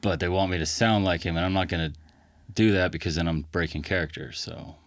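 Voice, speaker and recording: Deep-voiced easygoing man, dry studio sound. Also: dry recording. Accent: American. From England. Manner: easygoing, relaxed, halting with fillers. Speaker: podcast guest, costumed street performer. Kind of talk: casual interview chat. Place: recording studio.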